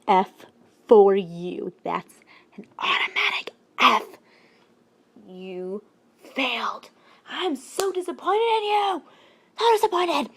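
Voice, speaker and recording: A woman's voice: high voice, expressive, takes it slowly, pauses often, breathy edge, heavily acted. A woman voicing a stern female teacher type, cold and scolding.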